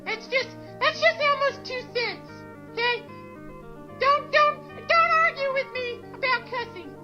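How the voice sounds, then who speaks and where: A very high, squeaky puppet monster rants and swears in a rapid childlike voice. The clip sounds dull and lo-fi with music beneath it. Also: male voice, pushed and bright, exaggerated voice. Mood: ranting. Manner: foul-mouthed rant, squeaky and rapid.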